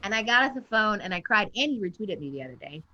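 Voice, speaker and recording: A woman poet as a guest in a casual interview, telling animated, profane stories with excited outbursts. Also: medium pitch, fast, highs cut off.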